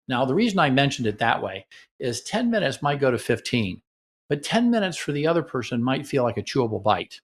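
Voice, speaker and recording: A man's voice: medium pitch, sing-song, fairly quick, husky. Man coaching couples on a radio show. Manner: coaching, acts out partner dialogue, asks "right?". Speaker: radio host and relationship counselor. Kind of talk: casual teaching talk on radio.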